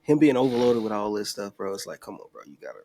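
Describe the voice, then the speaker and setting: A man co-hosting a podcast who talks casually and often trails off into quiet asides. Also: fairly low pitch, very animated, quick pace, vocal fry, no echo. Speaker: podcast co-host. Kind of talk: casual chat.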